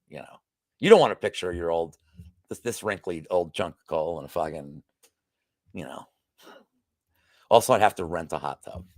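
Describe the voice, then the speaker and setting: A man's voice: fairly low pitch, gravelly, dry recording, studio quality. A man hosting a betting podcast, chatting casually through fight picks with rambling restarts and profane asides. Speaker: sports betting podcast host.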